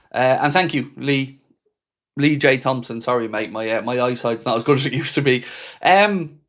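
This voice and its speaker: A man hosting a fan live stream, chatting casually, reading viewer comments out and answering each commenter by name. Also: a little high.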